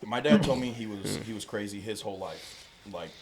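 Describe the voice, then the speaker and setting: A man in casual podcast chat, a profane, animated storyteller. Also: on the low side, a little fast, a crowd in the background.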